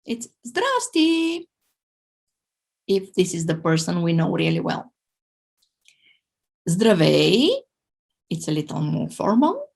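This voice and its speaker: A woman teaching a language lesson, sounding out words slowly and carefully for learners to repeat. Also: fairly low pitch, lively intonation, creaky, a little mellow, husky.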